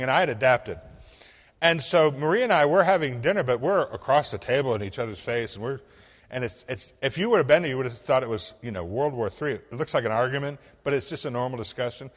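A man from Illinois, a pastor telling a story in a sermon, acting out the voices and swinging from hushed to loud. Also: mid-range voice, fast, long reverb tail.

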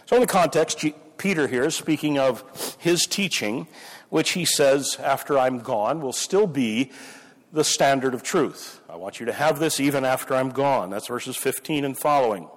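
A man's voice: medium pitch, normal speed. A man preaching a sermon, teaching through a Bible passage and stressing key words emphatically. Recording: long hall reverb.

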